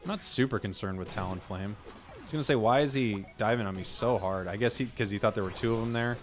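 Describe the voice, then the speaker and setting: A young man casually commenting on his matches as he plays, rambling and telling deadpan joke stories. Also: fairly low pitch, fast, soft background music. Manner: rambling, joking, deadpan tall tales. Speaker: gaming channel host.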